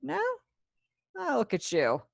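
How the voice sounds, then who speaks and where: A woman's voice: a little high, wildly swooping pitch, takes it slowly, creaky, no echo, clean studio sound. A woman teaching a sign language class over a video call, chatty and encouraging, praising students as she goes. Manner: chatty asides to herself. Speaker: ASL teacher.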